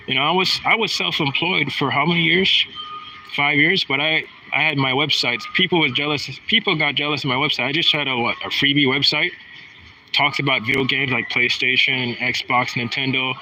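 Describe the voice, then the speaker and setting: A man's voice: mid-range voice, sharp tone, a little hiss or hum, poor audio. A man in his thirties talking in a rambling, aggrieved monologue, often restarting his sentences. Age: 30s. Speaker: vlogger. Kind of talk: casual monologue.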